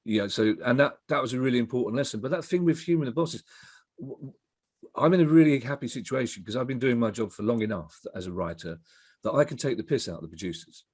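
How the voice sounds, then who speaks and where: A man's voice: mid-range voice, fast, darkish tone, slightly rough, no echo, clean studio sound. A middle-aged man, a comedy writer chatting as a guest, telling stories in a rambling way and often restarting his sentences. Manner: rambling anecdotal storyteller, self-interrupting. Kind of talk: casual interview chat.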